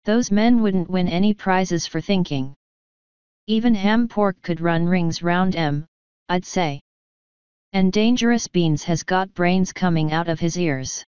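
A woman voicing a sly, scheming male tomcat in an audiobook, wheedling and talking in quick asides. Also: lowish voice, darkish tone, smooth, no room sound, muffled recording, close to an everyday voice. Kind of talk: audiobook character voice.

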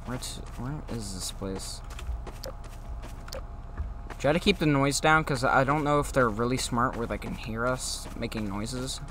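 A man's voice: mid-range voice, unhurried, pauses often, fairly bright tone, a little hiss or hum. A man chatting casually during gameplay, guiding his friend and explaining what happens. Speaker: gaming YouTuber.

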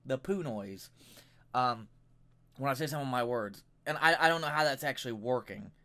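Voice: medium pitch, normal speed, bright, forceful tone. A vlogger delivering a profane, exasperated and rambling rant into a microphone set a little way off. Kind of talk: angry ranting commentary.

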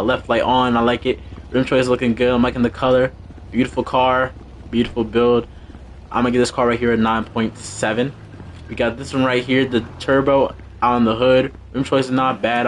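Young male streamer, casual and excitable, mid-pitched, repeats his commands, faint background hiss. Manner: excitable, repeats short commands, quick laughs. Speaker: livestream host running a car meet. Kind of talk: casual live game commentary.

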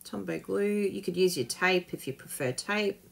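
A woman's voice: medium pitch, normal speed, gravelly. A woman hosting a live papercraft tutorial, chatty and self-mocking, laughing often and gushing over her work as she demonstrates.

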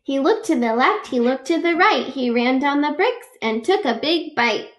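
A woman's voice: sits high, expressive, normal speed, muffled recording. A woman reading a children's picture book aloud, patiently explaining facts and adding personal asides. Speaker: read-aloud reader.

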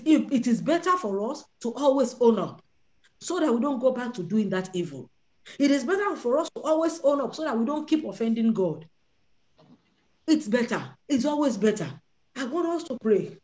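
Woman, high voice, preaching, animated, acts out Bible figures. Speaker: prayer leader. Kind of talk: sermon on a prayer line.

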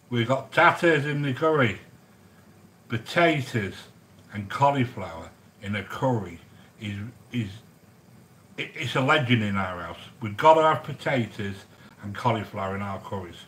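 A man's voice: mid-range voice, animated, measured pace, long pauses, fairly bright tone, rough recording. A middle-aged man, chatting casually with viewers while cooking a curry on a livestream. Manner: chatty, matey, calls viewers sweetheart. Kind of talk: casual chat.

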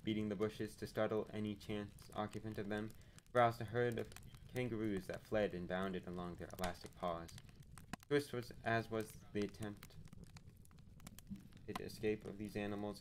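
A man reading a novel aloud on a live stream, unhurried, with small slips and restarts. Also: fairly low pitch, a little hiss or hum, poor audio. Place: home streaming setup.

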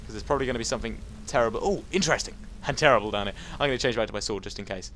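A man giving casual, jumpy let's-play commentary, talking to enemies and reacting out loud. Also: medium pitch, very fast, slight background noise. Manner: jumpy, excitable, talks to enemies. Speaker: gameplay commentator.

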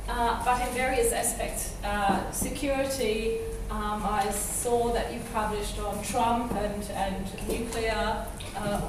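A woman chairs a seminar and introduces the guest, halting often on fillers. Her fairly high voice sounds far from the mic, in a very echoey room with clear noise behind it. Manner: hesitant, many fillers. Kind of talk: formal introduction.

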